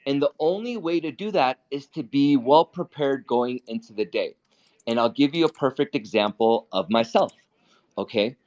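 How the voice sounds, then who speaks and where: A man's voice: medium pitch, expressive, moderate pace, a little mellow. A man hosting a casual live trading talk, blunt and profane, who often repeats and restarts his words. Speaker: stock trading host. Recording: dull lo-fi audio.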